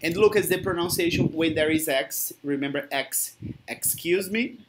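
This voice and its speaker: An English teacher with a Brazilian Portuguese accent and native Portuguese, giving an online lesson, encouraging and quick to laugh. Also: medium pitch, background noise. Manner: encouraging, laughs often, slow explanations.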